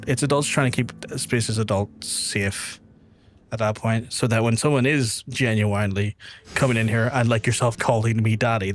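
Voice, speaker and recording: A young man streaming a video game, chatting casually with his viewers in a rambling, profane way. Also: medium pitch. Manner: rambling, profane, talks straight to chat.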